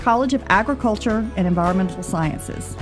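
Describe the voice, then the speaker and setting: A woman announcing graduates at a ceremony, reading names and degrees in a measured, formal manner. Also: mid-range voice, over music.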